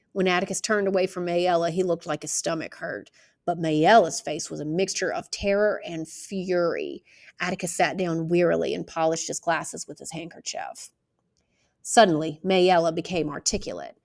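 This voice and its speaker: A woman reading a novel aloud in a steady, even narration. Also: lowish voice, normal speed, creaky. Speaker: audiobook reader.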